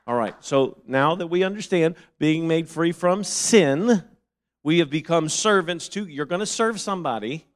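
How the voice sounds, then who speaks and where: Fervent high-voiced male preacher. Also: animated, moderate pace. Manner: builds from quiet reasoning to loud, fervent calls; repeats phrases and quotes scripture aloud. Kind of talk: sermon.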